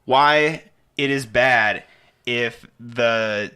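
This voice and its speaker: Young man, podcast co-host, bright voice, casual, swears a lot. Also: medium pitch, extremely slow, clear, resonant tone. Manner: rambling, profane, full of fillers. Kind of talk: casual chat.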